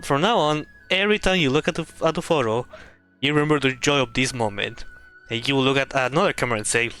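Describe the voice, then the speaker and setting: A woman's voice: deep voice, fairly bright tone. A woman streaming a video game, reading the dialogue aloud and reacting emotionally, laughing and stammering often. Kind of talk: casual gameplay commentary, reading dialogue aloud.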